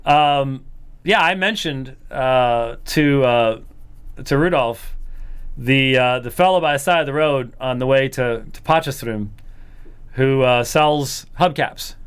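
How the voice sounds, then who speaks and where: A man's voice: medium pitch, slow pace, clean tone. A man hosting a commentary program who talks casually and mimics other voices in the middle of sentences. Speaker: host of apologetics program.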